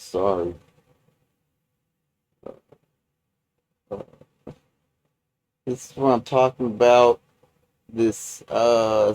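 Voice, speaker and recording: A man recording a personal video journal, talking in a halting, rambling way with many restarts and fillers. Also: medium pitch, gravelly, warm tone, low-quality recording.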